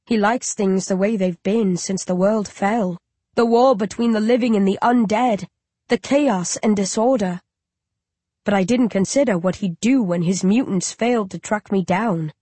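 A woman narrating an audiobook in first person, measured and reflective, at a middle pitch. Her voice is recorded close and dry, with no room sound. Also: warm tone, husky, dry recording.

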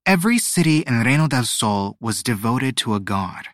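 A man narrating a storybook audiobook, expressive and measured. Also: medium pitch, no echo, clean studio sound. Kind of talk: scripted narration.

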